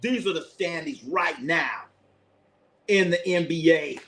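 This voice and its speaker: A man's voice: on the high side, measured pace, a bit bright, poor audio. A man hosting a live basketball stream, calling plays and giving strong, profane opinions to his chat, often repeating himself. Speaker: live sports commentator, channel host. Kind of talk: casual live game commentary to a chat.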